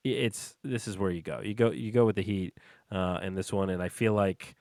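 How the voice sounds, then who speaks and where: A man's voice: low-pitched, steady tone, a little fast, darkish tone, no echo, clean studio sound. A man co-hosting a casual sports podcast, joking around, laughing often and poking fun at himself. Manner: jokey, laughs often, self-deprecating. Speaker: podcast co-host.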